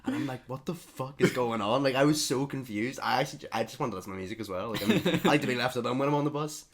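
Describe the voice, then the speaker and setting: A man's voice: medium pitch, quick pace. A young man co-hosting a podcast, telling a long story casually and acting out the other people's lines. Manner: animated anecdote teller who acts out the other people's lines. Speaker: podcast co-host.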